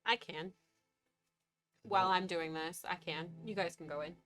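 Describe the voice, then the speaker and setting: A woman's voice: lowish voice, fairly even intonation, unhurried, a bit bright, faint music behind. A woman playing a tabletop game with friends, speaking cautiously and thinking aloud with hesitant starts. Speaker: player. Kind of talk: casual tabletop game chat. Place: indoors with the group in person.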